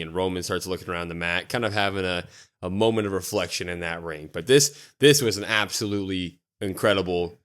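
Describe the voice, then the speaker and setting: Man, podcast co-host, casual recap, animated storytelling, lowish pitch. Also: a little fast, clean tone. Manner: animated storytelling, often quoting others.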